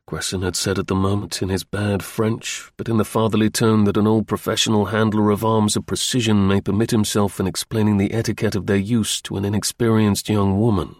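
A man narrating an audiobook in a measured, unhurried reading. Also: fairly low pitch, level tone, a little mellow, no echo, clean studio sound.

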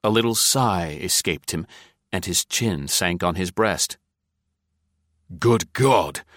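This is scripted narration of an adventure tale by a male audiobook narrator whose delivery is steady and measured. His pitch runs low, and the clean studio audio carries no room sound.

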